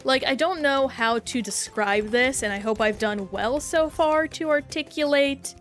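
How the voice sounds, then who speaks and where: A woman's voice: high-pitched, a little slow, fairly bright tone, faint music behind. Chatty woman streaming a game. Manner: chatty, self-reflective, reads chat aloud. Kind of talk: casual gaming stream chat.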